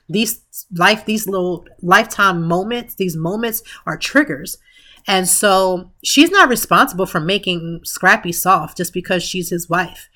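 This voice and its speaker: Woman, bright voice, emphatic podcast rant, talks to y'all. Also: on the low side. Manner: emphatic, conversational, addresses listeners directly as "y'all". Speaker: podcast host. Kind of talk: opinionated solo commentary.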